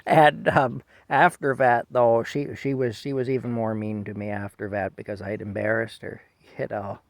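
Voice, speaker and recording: Gravelly guy in his 50s rambling through an old story, dry close sound, no room at all. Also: medium pitch, level tone, normal speed, no room sound. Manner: rambling, self-deprecating, restarts often. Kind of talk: casual spoken storytelling.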